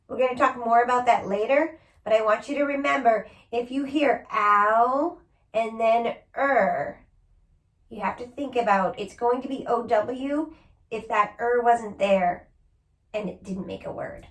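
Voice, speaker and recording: A rather high-voiced woman teacher leads a children's spelling lesson, sounding out each word slowly and patiently, letter by letter. Her voice rings around an echoey room.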